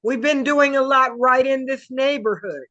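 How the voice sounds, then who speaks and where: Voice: high-pitched, normal speed, sharp tone, no echo. A council member adding brief, laughing asides in a casual meeting discussion. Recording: dry, dull lo-fi audio.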